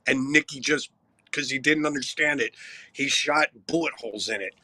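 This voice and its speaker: A man's voice: mid-range voice, moderate pace, pushed and bright, no room sound. A man, a rock singer guest on a podcast, telling wry, profane anecdotes in a casual way. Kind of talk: casual storytelling.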